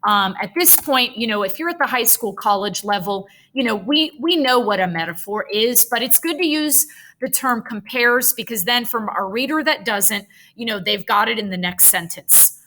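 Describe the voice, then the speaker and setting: A woman's voice: a little high, animated, normal speed, pushed and bright. A woman tutoring writing, thinking aloud as she drafts a paragraph, chatty and self-correcting with nerdy asides.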